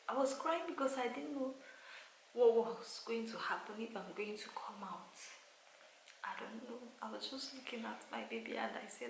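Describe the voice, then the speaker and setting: A young adult woman telling her own hospital story with deep emotion, tearful and often sinking to a whisper. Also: gravelly, reverberant, slight background noise, rough recording.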